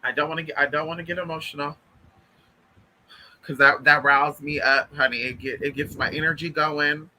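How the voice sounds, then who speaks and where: This spiritual vlogger has a fairly high, pushed, bright voice with fairly even intonation, talking a little fast over slight background noise in a rough recording. Addressing his viewers directly in a casual monologue, he is emphatic and repetitive, calling them honey and y'all.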